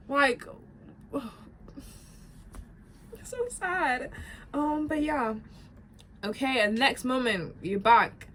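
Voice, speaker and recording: A low-leaning female voice chats casually, recapping a video game's story for her viewers. She's animated and emotional, laughing often and calling them guys and bro.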